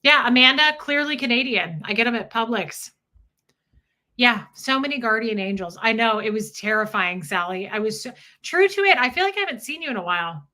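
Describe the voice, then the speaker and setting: Bright, animated woman telling a story. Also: a little high, a little fast. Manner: animated storyteller who acts out quotes. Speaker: livestream co-host. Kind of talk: casual chat storytelling.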